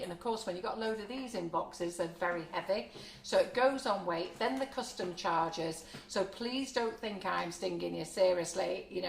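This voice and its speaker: A woman's voice: on the low side, reverberant, a little hiss or hum. A woman hosting a live cake decorating demo, chatty and frank, laughing often. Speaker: baking show host. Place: home kitchen studio.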